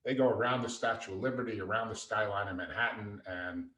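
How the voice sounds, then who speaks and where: A man telling stories as a guest in a podcast interview, lively and anecdotal. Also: lowish voice, quick pace. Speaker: guest, father and entrepreneur. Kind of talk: conversational storytelling. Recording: echoey room, distant mic.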